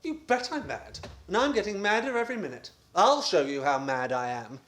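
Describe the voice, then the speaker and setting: A man's voice: high-pitched, animated, a little fast, fairly bright tone. A man playing a blustery wisecracking husband. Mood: blustering. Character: Jack, brash exasperated husband. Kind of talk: amateur radio play acting.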